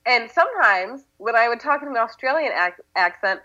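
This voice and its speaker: A woman's voice: fairly high pitch, animated, moderate pace, pushed and bright. Young woman guest, chatty and bubbly, dull lo-fi sound. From Midwest United States. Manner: bubbly, chatty, with fillers and laughs. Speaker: podcast guest. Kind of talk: casual interview chat. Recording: slightly dull lo-fi audio.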